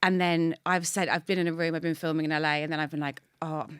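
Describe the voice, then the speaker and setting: A woman in her thirties with an English accent, chatting casually as a podcast guest and telling animated, sarcastic stories. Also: deep voice, fast, clean tone, dry recording, clean studio sound. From England.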